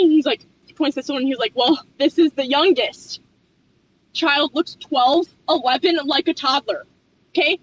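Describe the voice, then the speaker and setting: A young woman working as a restaurant hostess, ranting fast and profanely in an exasperated storytime vlog. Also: sits high, slight background noise, rough recording.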